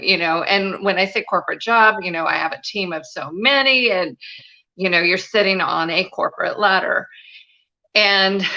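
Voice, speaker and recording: A woman's voice: on the low side, sharp tone, highs cut off. A woman guest telling a personal story in a live interview, earnest and confiding, with many "you know" fillers. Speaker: guest, spiritual and business mentor.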